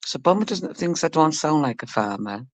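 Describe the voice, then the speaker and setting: During a casual livestream, a woman chats with her audience, reads comments and teases viewers, laughing and letting slip the odd swear word. Her low-pitched voice is animated at a normal speed, in a dry recording.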